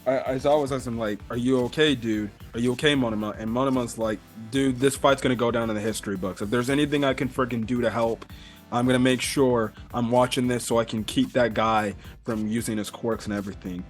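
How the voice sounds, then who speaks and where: Man, casual recap, rambling, filler-heavy, middle pitch, soft music behind. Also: steady tone, fast talker. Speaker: manga reviewer.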